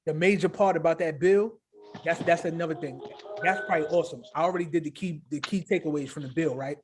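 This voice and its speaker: A man co-hosting a casual crypto livestream, talking in an animated, hyped way with a habit of tagging "right?" onto his sentences. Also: a little high, fast talker, music in the background. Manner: animated, hyped, repeats himself with filler "right?". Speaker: crypto show co-host.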